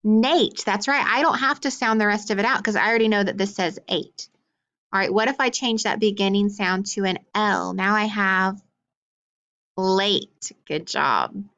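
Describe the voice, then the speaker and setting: A woman's voice: mid-range voice, moderate pace, fairly bright tone, highs cut off. A woman teaching a phonics lesson to young children, with patient, sing-song call-and-response prompts.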